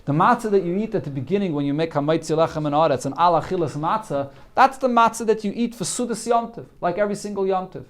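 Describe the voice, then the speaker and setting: Talmud teacher man, higher-pitched voice. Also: animated, fast talker, hardly any pauses. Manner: explains Aramaic text line by line with many fillers. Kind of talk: daily Talmud class.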